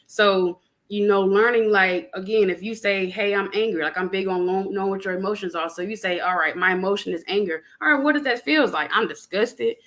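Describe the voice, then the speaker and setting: A young adult woman in casual spiritual chat on a podcast, animated and preachy, talking plainly with lots of fillers. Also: medium pitch, fairly quick. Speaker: podcast guest.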